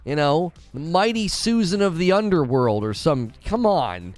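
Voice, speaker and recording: A man hosting a gaming channel, chatting casually with a live audience in an animated, ranting way and stumbling over hard names. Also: on the high side, measured pace, dry recording, soft background music. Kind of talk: casual live-stream chat, reading viewer comments.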